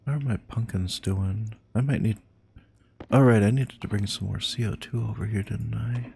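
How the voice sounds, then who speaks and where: A man's voice: lowish voice, moderate pace, gravelly, a little mellow. A sleepy, yawning man chatting casually while playing a game live, laid-back and swearing now and then. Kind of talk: casual live gameplay chat. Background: game music.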